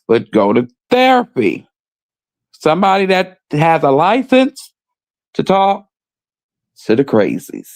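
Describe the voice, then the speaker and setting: A man's voice: on the high side, sing-song, slow pace, creaky, long pauses, no room sound. A man co-hosting a casual gossip stream, blunt and joking, reading viewer comments and talking in street slang. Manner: reads viewer comments aloud. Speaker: podcast co-host.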